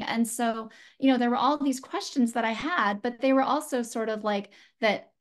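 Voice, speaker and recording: A woman's voice: on the high side, normal speed, hardly any pauses. Earnest woman telling her story. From San Francisco, USA. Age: adult. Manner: earnest, reflective, many fillers and restarts. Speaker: guest. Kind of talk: personal storytelling.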